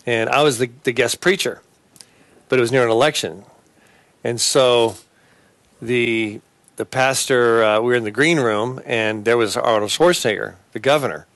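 A man hosting a Christian talk show and preaching, speaking in a halting way with many fillers and restarts. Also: medium pitch, fairly bright tone, dry recording.

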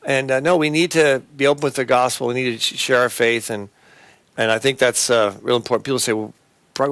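A man hosting a Christian talk show, talking earnestly and haltingly, with many fillers and restarts. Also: medium pitch, fairly bright tone, no room sound. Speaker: host.

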